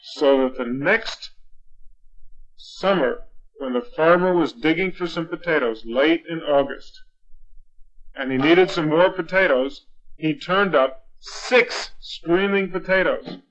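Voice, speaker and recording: A man with a fairly high voice tells his young child a bedtime story, taking it slowly in a patient, gently firm way. The home recording sounds dull and lo-fi.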